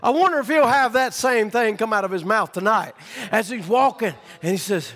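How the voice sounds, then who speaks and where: A man preaching a sermon, rising from quiet storytelling to fervent shouting. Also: high-pitched, normal speed, big-room sound.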